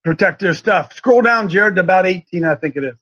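High, bright-voiced man preaching with fervor. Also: expressive, fairly quick, lo-fi sound. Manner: impassioned, swings between quiet reading and loud shouting. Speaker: pastor and show host. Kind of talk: fervent preaching on a talk show.

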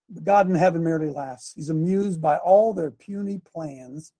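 A high-voiced man delivers a fiery sermon, swinging from emphatic shouting to sarcastic asides. He reads scripture aloud and calls directions to the crew between passages. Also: lively intonation, a little slow, few pauses. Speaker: pastor.

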